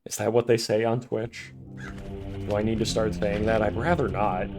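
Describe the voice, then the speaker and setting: Chill guy streamer goofing through a horror game, lowish voice, game music going behind. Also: level tone, moderate pace. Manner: joking, reads game text aloud. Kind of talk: casual let's-play commentary.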